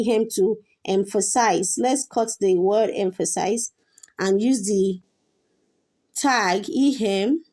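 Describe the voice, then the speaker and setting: A woman's voice: fairly high pitch, mellow. A woman teaching a coding lesson, explaining each step patiently with frequent fillers and repetition. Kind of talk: screen-share coding tutorial.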